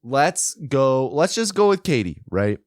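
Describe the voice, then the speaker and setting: Guy cohosting a movie podcast, pitch jumps all over, laughs a lot, dry close mic. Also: no echo. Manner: lively, laughs often, drawn-out asides. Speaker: podcast co-host. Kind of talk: casual film podcast chat.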